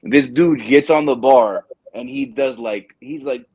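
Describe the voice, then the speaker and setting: A man hosting a podcast, telling a story in a casual, lively way and acting out the people in it. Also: medium pitch, measured pace, breathy edge, dry recording, highs cut off. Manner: animated storyteller, acts out quoted people. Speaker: podcast host.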